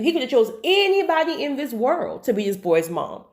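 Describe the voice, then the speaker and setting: A woman telling a personal story in a casual, animated monologue, often repeating words for emphasis and speaking straight to the viewer. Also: high-pitched, normal speed, few pauses.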